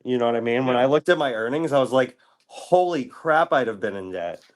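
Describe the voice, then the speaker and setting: A man's voice: medium pitch, expressive, quick pace. A man talking as a guest in a casual podcast chat, joking and laid-back, laughing often.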